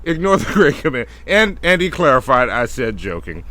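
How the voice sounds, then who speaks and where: A man's voice: medium pitch, very animated, moderate pace, bright, forceful tone, dry recording. A man co-hosting a casual livestream talk show, joking loosely and laughing often. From New Orleans, Louisiana. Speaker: podcast co-host.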